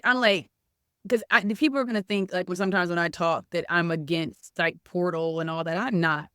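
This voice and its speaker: A middle-aged woman, a softball coach, talking casually in an interview, telling stories with lots of "like" fillers and acting out quoted lines. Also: mid-range voice, clean tone, no room sound, clean studio sound. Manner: animated storytelling, many "like" fillers, acts out quoted speech. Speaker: softball coach and former college player.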